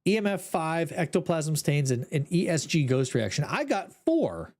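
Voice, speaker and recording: A man's voice: on the high side, sing-song, normal speed, hardly any pauses, darkish tone, breathy edge. A man streaming a ghost-hunting game, talking to his chat in an exasperated, joking way. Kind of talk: casual gameplay commentary.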